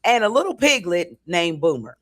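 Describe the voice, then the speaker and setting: A woman co-hosting a community morning show, chatting casually with enthusiastic, steady storytelling. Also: fairly low pitch, moderate pace. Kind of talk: casual chat.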